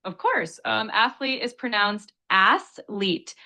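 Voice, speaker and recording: A synthetic-sounding woman tutor with a bright, crisp edge to her voice. She explains vocabulary patiently, staying polite and upbeat throughout. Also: medium pitch, fairly even intonation, moderate pace. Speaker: AI English tutor.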